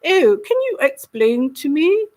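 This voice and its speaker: A woman doing an impression of an elderly, posh queen, politely bewildered and halting, repeating her words. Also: high voice, very animated, darkish tone, pitched above the performer's own voice.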